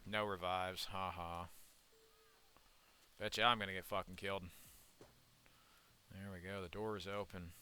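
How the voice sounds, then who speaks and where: A man's voice: sits low, level tone, a little slow, pauses often, bright, forceful tone, clear, resonant tone. A young man giving rambling, profane let's-play commentary while he plays a game. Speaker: gaming YouTuber.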